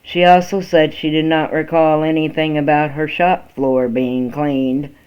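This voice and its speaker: A man reading as a deadpan teenage boy. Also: fairly high pitch, unhurried, clean tone, close to an everyday voice. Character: teenage boy, a brother in the gang. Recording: dull lo-fi recording.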